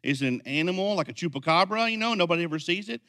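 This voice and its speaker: A man preaching a sermon as pastor, swinging from quiet, intense lines to loud, energetic ones. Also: sits high, very fast.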